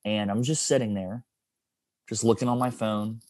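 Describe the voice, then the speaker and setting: A man's voice: fairly low pitch, fairly even intonation, moderate pace, darkish tone, no room sound. A man hosting a podcast, chatting casually and telling a loose, easygoing story. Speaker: podcast host.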